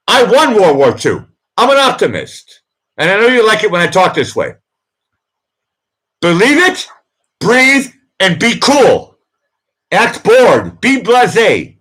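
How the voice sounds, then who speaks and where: A man with a Boston accent hosts and produces a live chat, coaching a nervous guest through repeated mantras. His pep talk is emphatic and repetitive, and his voice swings loud and high whenever he hits a mantra.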